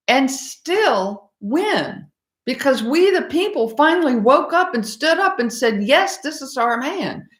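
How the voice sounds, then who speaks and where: A woman's voice: medium pitch, roomy sound. A woman hosting a casual commentary livestream, talking in an impassioned, emphatic way and rambling through restarts. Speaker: livestream host.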